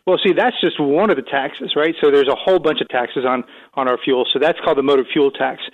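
A man appearing as a policy expert on a radio show, explaining in a measured way. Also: on the high side, no echo, narrow, tinny audio. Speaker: policy think tank guest. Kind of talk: radio interview.

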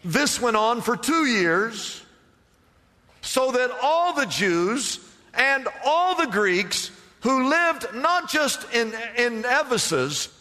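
In a reverberant church sanctuary, a male pastor delivers an animated sermon in a high voice, trading call-and-response questions with the congregation. He speaks slowly, and the big room's long reverb carries his words.

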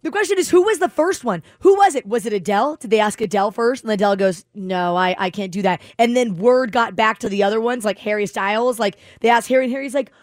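A woman co-hosting a morning radio show, chatting casually, laughing often and telling things in an animated way. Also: a little high, fast talker, hardly any pauses, dry recording, studio quality.

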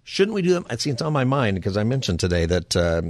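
A man's voice: on the low side, big pitch swings, fast talker, darkish tone. A man hosting a call-in radio talk show, rambling through topics with wry, folksy asides. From Southern California. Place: radio studio.

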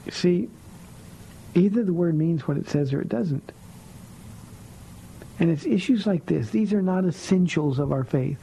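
A pastor hosting a radio call-in show, a man with a somewhat high, gravelly voice and a warm, dark tone. He answers listener questions bluntly and firmly, speaking plainly from a studio. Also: animated, unhurried, long pauses, slight background noise, rough recording.

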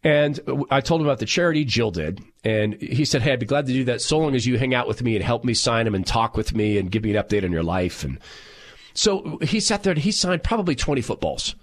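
A middle-aged man hosting a talk radio show, telling stories and reading listener texts in a loud, animated way. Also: medium pitch, fast.

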